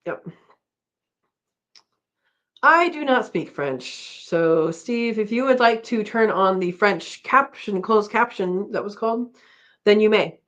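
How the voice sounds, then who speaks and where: A woman's voice: mid-range voice, unhurried, a bit bright. A middle-aged woman hosting a casual live-stream chat, rambling and laughing often as she reads out comments. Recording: dull lo-fi stream audio.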